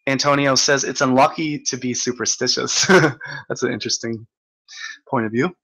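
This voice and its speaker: A man's voice: mid-range voice, moderate pace, fairly bright tone, poor audio. A man hosting a casual livestream, rambling and joking, swearing often and laughing as he reads out chat comments.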